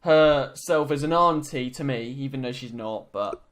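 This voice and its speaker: A man's voice: medium pitch, moderate pace, fairly bright tone. A young man telling a story in casual podcast chat, rambling with many fillers and restarts. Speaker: podcast co-host.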